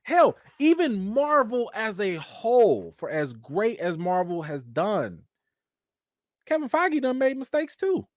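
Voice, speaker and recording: A man's voice: high-pitched, wildly swooping pitch, slow, no echo, clean studio sound. A man giving casual live-stream commentary, emphatic and slangy, firing off rhetorical questions.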